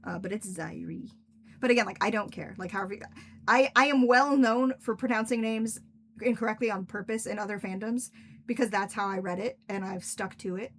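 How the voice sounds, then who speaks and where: A woman's voice: mid-range voice, fairly quick, fairly bright tone, slight background noise. A young woman, an author, chatting casually and rambling on a livestream, laughing often. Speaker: author and streamer.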